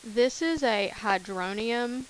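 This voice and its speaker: A woman's voice: a little high, slow, a little hiss or hum, poor audio. A woman teacher talking through chemistry notes in a casual way, repeating key terms with many fillers. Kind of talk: recorded lecture over notes.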